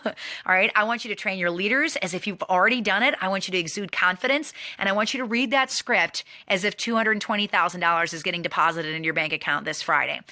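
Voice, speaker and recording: A woman leads a motivational training session. Her voice is bright and forceful, and her pitch sits in the middle range. She hammers her points home by repeating key phrases. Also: fairly quick. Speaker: network marketing trainer.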